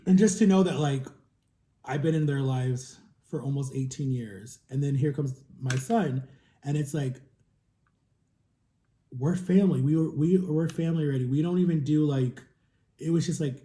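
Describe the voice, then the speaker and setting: A man's voice: a little high, normal speed, pauses often, warm tone. A man in his thirties talking earnestly and at length in a rambling, repetitive way, as on a mukbang vlog. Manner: earnest, rambling, repeats himself. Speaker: vlogger. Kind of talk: emotional mukbang talk. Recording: echoey room.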